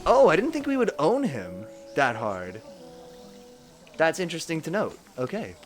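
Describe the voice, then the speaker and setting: Lively, joking young man streaming. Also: on the high side, moderate pace, music in the background. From Southern California. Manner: joking, chatty, laughs often. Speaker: game streamer. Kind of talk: casual live-stream chat while gaming.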